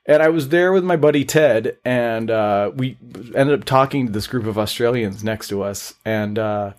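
A man's voice: mid-range voice, moderate pace. A man co-hosting a podcast, chatting casually and telling stories with laughter. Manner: animated storyteller, laughs often. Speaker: podcast co-host. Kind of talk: casual chat.

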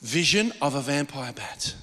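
A man's voice: mid-range voice, moderate pace, in a large hall. A man preaching a sermon, telling stories animatedly and acting out the voices in them. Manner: animated storytelling with acted-out quotes and laughs. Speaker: pastor.

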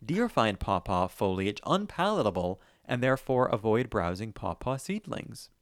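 A man's voice: on the low side, big pitch swings, moderate pace, no echo, studio quality. A man co-hosting a podcast, reading out facts playfully in casual chat. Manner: reads facts aloud playfully. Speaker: podcast co-host.

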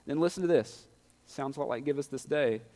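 A man preaching a sermon, building to loud, impassioned peaks. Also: mid-range voice, a little fast, long reverb tail. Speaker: pastor.

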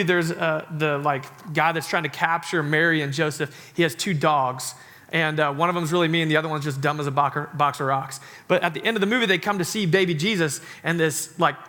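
A man in his thirties preaches to his congregation in a church, loose and joking and full of "like" fillers. His voice sits a little high and rings bright and forceful. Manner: chatty, joking sermon delivery with many "like" fillers. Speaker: pastor. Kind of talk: sermon. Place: church sanctuary.

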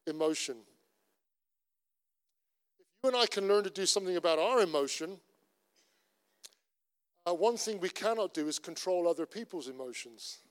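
Speaking in a high voice with a Cornish English accent, a middle-aged pastor from Cornwall gives an earnest, conversational sermon that leans heavily on repetition. Behind him, the church hall adds a long, trailing reverb.

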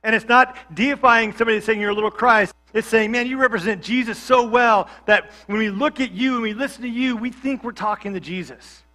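A pastor who grew up in Georgia, USA, preaches a sermon in a high, bright voice. His delivery is loose and conversational, sprinkled with jokes and asides, and he moves briskly with few pauses.

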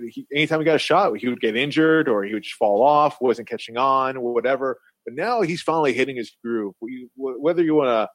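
Fast-talking man in opinionated wrestling chat. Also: medium pitch, dry recording. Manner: opinionated, many restarts and fillers. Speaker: podcast co-host.

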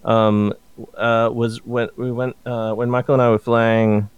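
A man with a smooth, clean voice recorded close and dry. He chats casually and rambles through his story, swearing freely. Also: mid-range voice, flat delivery, unhurried, dry recording, muffled recording. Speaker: podcast co-host. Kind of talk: casual chat.

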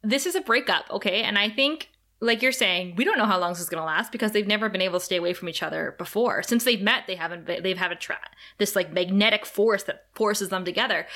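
A woman's voice: on the low side, sharp tone. A woman co-hosting a podcast, talking casually and emotionally about a show, laughing often. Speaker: podcast co-host. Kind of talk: casual chat.

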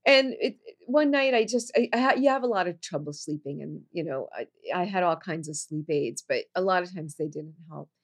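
A woman telling a personal story in conversation, earnest, going soft and low on serious moments and jumping high when she quotes people. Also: a little fast, hardly any pauses, husky. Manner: animated, jumps high when quoting people.

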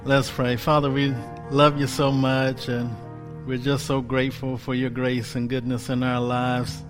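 A man preaching a sermon with fervor, repeating phrases and swinging from loud exclamations to hushed whispers. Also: medium pitch, monotone, measured pace, music in the background.

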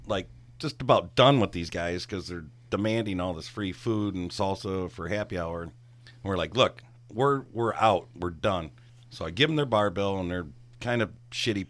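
A middle-aged man spins a rambling, profane story in easygoing chat. His voice sits on the low side, and he gets animated and loud as he retells it. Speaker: guest storyteller, former bartender.

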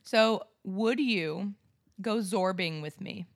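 A woman co-hosting a podcast, joking crudely and laughing loudly in casual chat. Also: medium pitch, slow. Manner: loud laughs, crude jokes, enthusiastic. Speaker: podcast co-host.

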